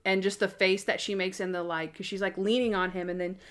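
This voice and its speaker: A woman's voice: medium pitch, little pitch movement, brisk, fairly bright tone. A woman co-hosting a podcast, chatting casually about a TV episode and acting out the characters' lines as she retells scenes. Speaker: podcast co-host. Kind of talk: casual chat recapping a TV episode.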